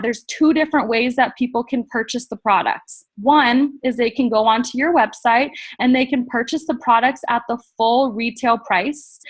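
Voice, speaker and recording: A woman's voice: fairly high pitch, fairly bright tone, slight background noise. A woman giving an upbeat training talk to new distributors, coaching the group directly and with emphasis. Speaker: sales trainer.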